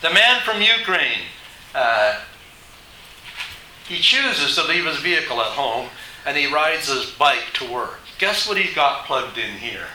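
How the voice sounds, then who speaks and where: Bright-voiced preacher in an echoey hall. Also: male voice, on the high side, very animated, a little slow, far from the mic, a little hiss or hum. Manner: emphatic, asks the congregation rhetorical questions. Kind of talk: sermon.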